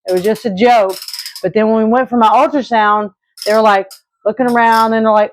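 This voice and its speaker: A woman's voice: mid-range voice, fairly even intonation, moderate pace, no room sound, low-quality recording. A woman in her thirties from Arkansas, answering viewer questions in an earnest, rambling, casual way. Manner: earnest and rambling, with many restarts and fillers. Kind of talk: casual Q&A chat.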